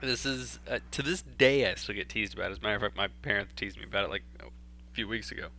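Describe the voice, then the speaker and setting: A young man from Texas telling a story in casual chat, animated and swearing freely. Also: lowish voice, fast talker. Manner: animated, swearing, acts out voices in his story. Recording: faint background hum.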